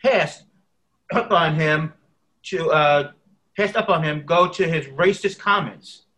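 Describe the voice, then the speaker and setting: A man reading the part of a male sports reporter in a casual script read, halting and restarting often. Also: fairly high pitch, sharp tone, voice pushed down, rough recording. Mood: pressing.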